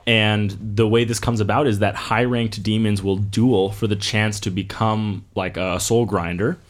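A man's voice: lowish voice, fairly even intonation, measured pace. A man co-hosting a casual podcast, explaining lore with dry, teasing asides. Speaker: podcast co-host. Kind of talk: casual chat.

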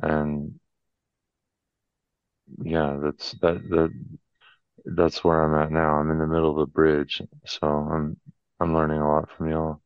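A man's voice: very deep voice, monotone, takes it slowly, pauses often, clear, resonant tone, no room sound. A man, a podcast guest, talking reflectively and hesitantly, repeating words as he thinks. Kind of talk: casual reflective chat. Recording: dry, slightly dull lo-fi audio.

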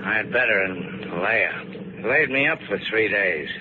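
A man's voice: lowish voice, expressive, moderate pace, lightly acted. A man playing a tough, sardonic boat owner with a dry, defiant delivery, in 1950s radio drama. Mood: sardonic defiance. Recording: scratchy old radio broadcast, narrow band.

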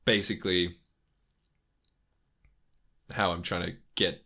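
A man's voice: low-pitched, level tone, slow, pushed and bright. A young man in a casual interview, rambling, laughing often and swearing freely. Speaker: YouTuber guest.

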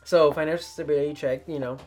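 A young man hosting a casual podcast, telling stories in an animated way and jumping into loud mock voices. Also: a little high, fast, soft background music. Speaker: podcast host.

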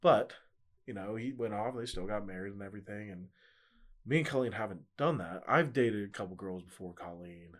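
A man's voice: on the low side, brisk. Laid-back young man telling a story. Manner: laid-back storytelling, laughs often, many fillers. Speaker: podcast guest. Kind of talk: casual chat.

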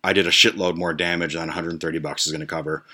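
A man's voice: low-pitched, little pitch movement, fast talker, sharp tone. A man hosting a podcast, telling a rambling, profane story with lots of fillers and restarts. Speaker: podcast host. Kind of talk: casual storytelling rant.

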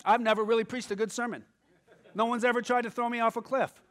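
A male pastor preaching a sermon, moving from quiet asides to loud emphatic passages and acting out quoted voices. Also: extremely high pitch, flat delivery, fast talker.

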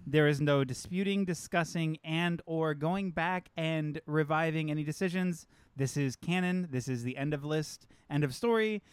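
A man co-hosting a casual podcast, slightly high for a man, with a smooth, clear voice. He is chatty and self-mocking and laughs a lot. He sounds dry and close to the mic. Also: normal speed, hardly any pauses, dry recording. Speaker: podcast co-host. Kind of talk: casual chat.

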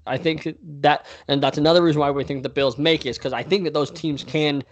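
A man co-hosting a casual sports podcast, chatty and quick to correct himself with apologetic asides. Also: fairly high pitch, fairly even intonation, lo-fi sound. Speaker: podcast co-host.

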